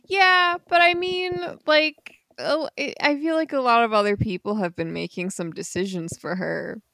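A woman's voice: fairly high pitch, steady tone, normal speed, sharp tone, no echo. A woman co-hosting a podcast, recapping a comic in casual chat with unsure asides and easy laughs. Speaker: podcast co-host.

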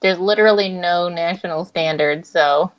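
A woman's voice: on the low side, normal speed, lo-fi sound. A woman pharmacist chatting casually on a podcast, hesitant and self-deprecating, with frequent giggles. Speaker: pharmacist guest.

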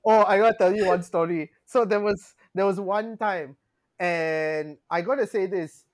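A woman telling stories in a casual podcast chat, slangy and animated, laughing often. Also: mid-range voice, measured pace.

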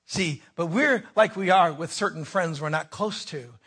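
A man preaching a sermon, reading scripture dramatically, swinging from hushed asides to shouted pleas. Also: a little high, normal speed, slightly rough.

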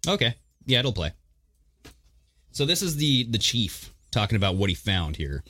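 A man hosting a podcast in casual chat, animated and profane, directing what is shown on screen. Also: lowish voice, moderate pace. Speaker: podcast host.

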